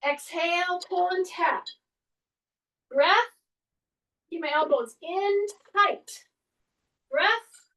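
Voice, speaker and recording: A woman fitness instructor with a high voice guides a workout in an unhurried way, cueing each breath and each pull. She sounds a little far from the microphone. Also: fairly bright tone. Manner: coaching cues, counts breaths. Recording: voice from a distance.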